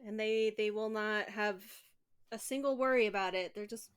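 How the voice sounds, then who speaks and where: A woman's voice: medium pitch, normal speed, smooth. Woman hosting a casual podcast chat. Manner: short agreeing replies and easy laughter. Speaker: podcast host.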